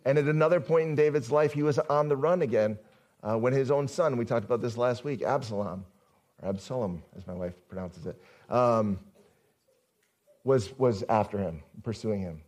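A man's voice: medium pitch, moderate pace, a little mellow. A male pastor giving a conversational sermon, often asking the congregation questions.

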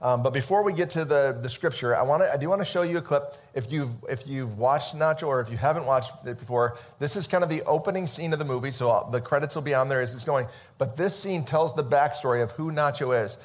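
A man's voice: medium pitch, quick pace, few pauses. A male pastor giving a casual sermon in a church over a microphone, talking in a chatty, conversational way with many fillers and restarts. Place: church sanctuary. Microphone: amplified microphone.

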